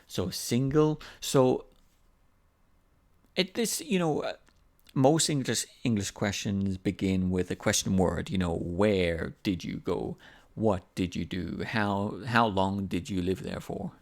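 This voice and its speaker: Low, creaky-voiced male English teacher. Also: takes it slowly, darkish tone. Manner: patient, explains with repeated examples; casual, chatty teaching. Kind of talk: language lesson.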